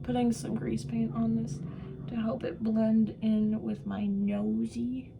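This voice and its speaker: A young woman vlogging while she does special effects makeup, chatting casually and poking fun at herself, sometimes trailing off into soft mumbles. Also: a little high, flat delivery, slow pace, gravelly, background noise. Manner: chatty, self-mocking, drifts into soft mumbles. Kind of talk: rambling casual chat while doing makeup.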